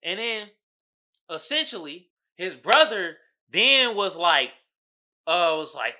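A man hosting a podcast, recapping a horror movie and reading memes in a casual, animated monologue, swearing freely and breaking into loud shouted impressions. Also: high voice, slow pace. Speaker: podcast host.

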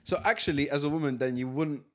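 A man's voice: on the high side, fast talker, a bit bright. Joking young man on a podcast. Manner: joking, teasing, slangy. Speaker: podcast co-host. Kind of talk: casual chat.

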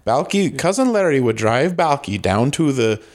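Guy doing a goofy naive foreign cousin, bouncy lively pitch, accent drifts in and out. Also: moderate pace, lightly acted. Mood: playful. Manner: broken, sing-song foreign-sounding accent that drifts. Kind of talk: comedy podcast bit.

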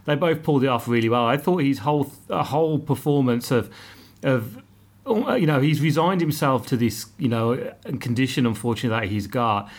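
A man's voice: medium pitch, lively intonation, fairly quick. A man hosting a podcast episode review, chatting casually with lots of restarts, asides and jokes. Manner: rambling, full of restarts and asides, jokey. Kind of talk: casual chat.

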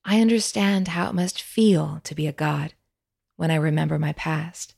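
A woman's voice: sits low, moderate pace, gravelly, a little mellow, dry recording, studio quality. A woman voicing an earnest, respectful young woman seeker speaking to a spirit.

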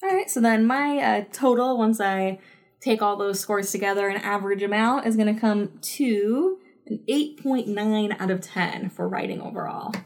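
This woman, in her thirties, speaks at a moderate pace in a mid-range voice. As a podcast co-host she reviews a TV episode in casual conversation, with lots of fillers and laughter.

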